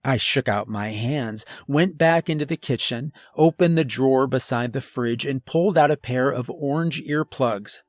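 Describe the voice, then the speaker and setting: A man reading a scripted first-person horror story in a slow, measured way. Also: mid-range voice, dry recording, studio quality. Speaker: narrator.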